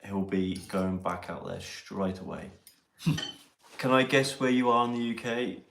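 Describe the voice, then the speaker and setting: Bantering English man, low and echoey. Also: fairly even intonation, a little slow, creaky, a bit bright, slight background noise. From England. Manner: banter and laughing. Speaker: live stream host. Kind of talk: casual live chat. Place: outdoors near Ely.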